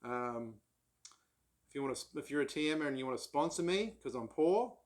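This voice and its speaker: Man, casual book vlog, rambling, hesitant, lots of ums, average pitch. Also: lively intonation, a little fast. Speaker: book vlogger. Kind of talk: casual chat.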